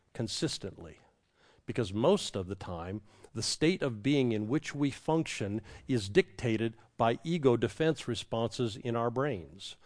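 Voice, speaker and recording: A man preaching a reflective sermon, with a repeating cadence and a quiet hush on key words. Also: mid-range voice. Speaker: pastor.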